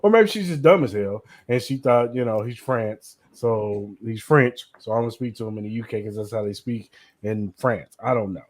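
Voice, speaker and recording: A man's voice: fairly low pitch, moderate pace, a little mellow. A young man co-hosting a podcast, giving blunt, slangy opinions in casual chat. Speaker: podcast co-host.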